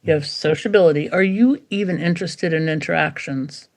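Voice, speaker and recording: A woman guest, a dog breeder and behavior expert, talking in a lively storytelling way and acting out quoted dialogue on a podcast. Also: low voice, a little fast. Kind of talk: podcast interview.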